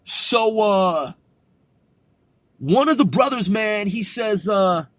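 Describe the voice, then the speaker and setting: A man's voice: sits high, lively intonation, slow, fairly bright tone, dry recording. A man hosting a podcast, telling a story in a rambling, profane way with many restarts. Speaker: podcast host.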